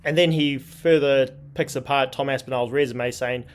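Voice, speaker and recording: His mid-range voice is clear and resonant, with fairly even intonation and a moderate pace. As host of an MMA commentary channel, he reads tweets aloud in an indignant, scornful, opinionated way.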